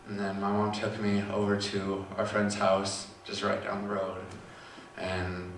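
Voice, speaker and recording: A young man with a low, flat voice tells a personal story haltingly, pausing often. He sounds far from the mic in a very echoey room with faint background noise. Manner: halting, quiet storytelling with long pauses. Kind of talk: personal testimony.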